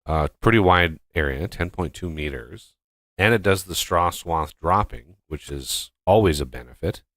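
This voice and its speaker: A man's voice: low voice, animated, moderate pace, fairly bright tone, no room sound. A man giving casual gameplay commentary as a streamer, rambling with many fillers and restarts.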